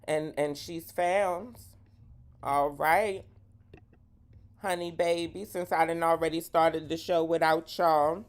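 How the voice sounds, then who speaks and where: A woman hosting a live gossip show, talking in a sassy, profane, dramatic way and swooping into high exclamations. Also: fairly even intonation, takes it slowly. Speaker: host.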